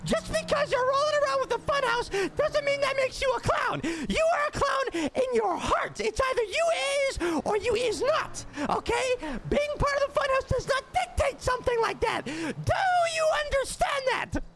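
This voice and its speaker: A woman's voice: extremely high pitch, very animated, brisk, creaky, exaggerated voice. A woman voicing a brash, bossy female clown who scolds and mocks in improvised role-play. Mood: scolding. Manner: scolding, mocking sing-song taunts.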